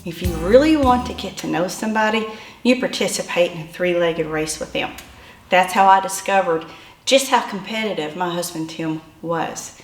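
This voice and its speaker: A woman telling a personal story in an animated way, building to yelps and shouts. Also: fairly low pitch, moderate pace, roomy sound, soft background music.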